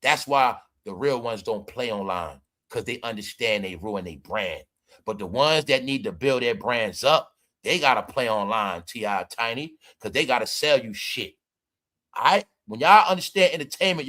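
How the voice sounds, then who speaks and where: Emphatic ranting man, bright voice. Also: mid-range voice. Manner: emphatic, preachy, addresses viewers as y'all, swings loud and soft. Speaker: commentary streamer. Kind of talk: casual ranting commentary.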